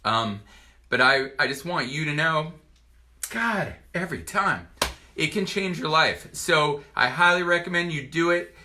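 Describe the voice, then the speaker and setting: A man in his forties from Virginia, a doctor giving a personal testimonial to camera in an earnest, halting way with many restarts. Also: a little high, sharp tone. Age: 40s.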